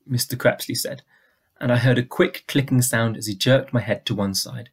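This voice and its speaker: A man's voice: mid-range voice, husky. Man reading a story aloud. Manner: steady, deliberate narration. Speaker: audiobook reader.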